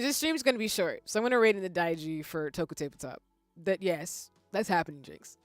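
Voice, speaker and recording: A woman streamer chatting casually with her viewers, expressive and swinging from soft-spoken to loud exclamations. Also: lowish voice, fast talker, dry recording, clean studio sound, faint music behind.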